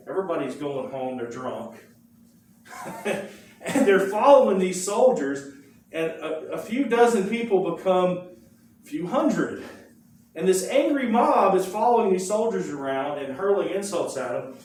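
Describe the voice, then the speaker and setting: Male history teacher, animated storyteller, a bit high-voiced, heard from across an echoey classroom. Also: slight background noise. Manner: lively storytelling with rhetorical questions and asides. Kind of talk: classroom lecture. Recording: very echoey room, mic far off.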